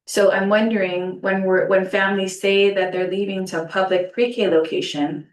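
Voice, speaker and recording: A woman's voice: mid-range voice, fairly even intonation, moderate pace. A woman board member at a public meeting, reasoning aloud and asking questions with frequent fillers. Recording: echoey room, distant mic.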